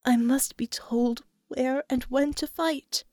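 A woman voicing a sorrowful, humble female angel in a slow, hushed whisper, reading a storybook. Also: fairly high pitch, no echo, studio quality.

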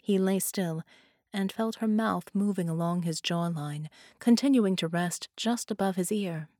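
Low-voiced woman narrating dark fiction. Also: unhurried, no echo, studio quality. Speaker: audiobook narrator.

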